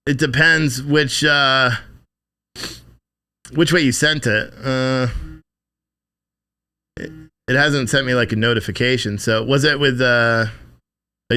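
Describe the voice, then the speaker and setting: Male streamer, bright forceful voice, loose profane chat with viewers, rambling and offhand. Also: medium pitch, fairly even intonation, a little slow, long pauses, clean tone. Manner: profane, rambling, thanks donors by name. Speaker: livestream host.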